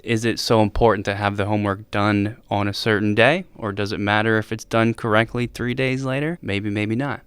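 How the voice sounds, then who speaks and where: A man who teaches co-hosts a casual education podcast in a relaxed, agreeable, conversational way. His lowish voice is exceptionally clear and resonant. It is recorded close and dry. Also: fairly quick, few pauses, no room sound.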